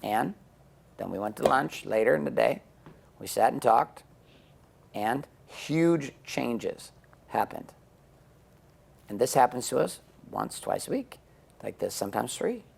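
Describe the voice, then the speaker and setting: A man's voice: medium pitch, expressive, a little slow, gravelly, pauses often, darkish tone, breathy edge. A middle-aged man giving an intense, candid interview, blunt and profane, acting out the people he quotes as he tells stories. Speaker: interview guest.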